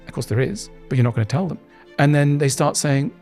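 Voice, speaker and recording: A middle-aged man answering interview questions in an animated way, acting out little voices as he explains. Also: a little high, fast, gravelly, soft background music. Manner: animated, acts out voices in quotes. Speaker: guest author.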